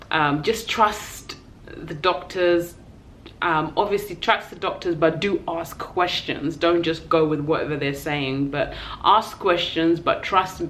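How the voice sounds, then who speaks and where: A woman's voice: low-pitched, a bit bright, slight background noise, poor audio. A young woman with a London accent, a vlogger telling an emotional personal story in a heartfelt, tearful way. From England. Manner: tearful, heartfelt, acts out voices in her story.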